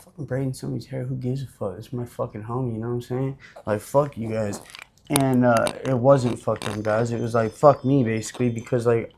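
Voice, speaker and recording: A man from Utah, a podcast guest telling his life story in a blunt, profane, animated way, full of fillers. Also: mid-range voice, a little fast, creaky, slight background noise. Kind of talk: casual storytelling.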